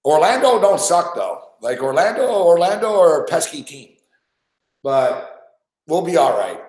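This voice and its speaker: A man's voice: on the high side, very animated, unhurried, darkish tone, roomy sound. A man hosting a sports betting show, complaining with heavy swearing about his bets. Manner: profane, frustrated rant. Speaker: sports betting podcast host. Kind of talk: casual betting talk.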